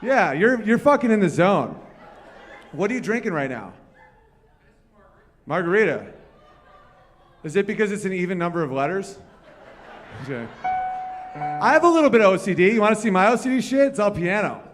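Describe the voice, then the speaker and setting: A man doing loud, profane crowd work at a piano, teasing someone in a bar. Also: high voice, very animated, normal speed, pauses often. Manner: loud, brash and profane, teasing an audience member. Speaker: comedian at the piano. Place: bar or club room. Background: faint piano.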